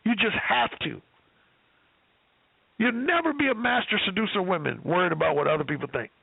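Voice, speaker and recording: A male dating coach tells a story with cursing and plenty of animation, his high voice bouncing all over. His tone is gravelly and husky. It sounds squeezed through a tinny phone line. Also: animated, brisk, no room sound. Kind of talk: storytelling on a call-in show.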